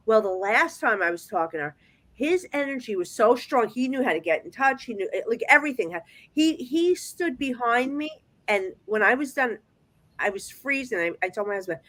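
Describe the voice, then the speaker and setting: A woman with a slightly raised voice tells her readings as a medium in a chatty, animated flow, often restarting her sentences as she goes. She speaks over a video call. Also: fairly high pitch. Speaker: psychic medium guest. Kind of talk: casual storytelling chat.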